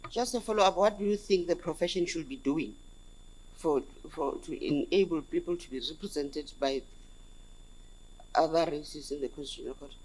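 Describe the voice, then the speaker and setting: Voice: medium pitch, normal speed, a little mellow, poor audio. A South African commissioner questioning a candidate, hesitant and repeating words before pressing the point. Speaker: commissioner on interview panel.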